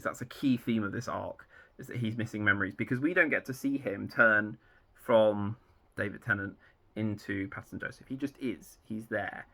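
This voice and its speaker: Casual male storyteller, gravelly edge, loose and rambling, lots of ums. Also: on the low side, pushed and bright. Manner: rambling, loose with many fillers. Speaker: fan writer outlining his own series. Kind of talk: casual plot rundown.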